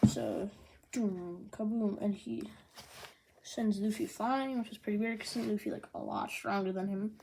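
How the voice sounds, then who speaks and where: A woman giving a casual manga review, rambling and excitable, with lots of "like" fillers. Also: mid-range voice, moderate pace, creaky, slight background noise.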